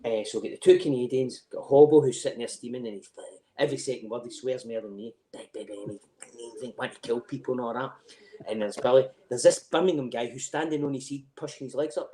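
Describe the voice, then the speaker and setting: A middle-aged Scottish man, a guest on a podcast, rattles off rowdy anecdotes at a fast pace in a casual way. His pitch is typical for a man, and he stays animated, swearing freely and laughing along.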